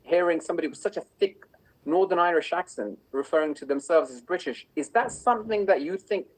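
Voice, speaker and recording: A man's voice: a little high, brisk, rough recording. A man co-hosting a casual live-stream discussion, talking in a chatty, enthusiastic way and reading out viewer comments. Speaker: co-host.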